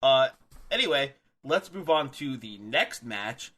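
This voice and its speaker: A young man co-hosts a casual podcast chat, excitable and quick to laugh, swearing freely. His voice is very bright and ringing, set at an ordinary middle pitch. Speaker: podcast co-host.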